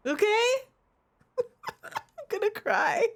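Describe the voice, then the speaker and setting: A woman gaming streamer with a slightly high, expressive voice reads a romance game's text aloud, taking it slowly. She reacts with dramatic, playful overreactions.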